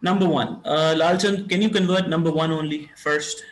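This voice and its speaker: A man, teaching an online class and dictating sentences slowly and deliberately. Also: a little high, fairly even intonation, low-quality recording. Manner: slow, deliberate dictation with code-switching to Urdu. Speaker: English teacher.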